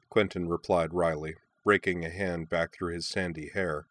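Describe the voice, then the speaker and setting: A man narrates a story in a measured, even way. His voice is very deep, and the recording is dry and close with no room sound. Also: no echo.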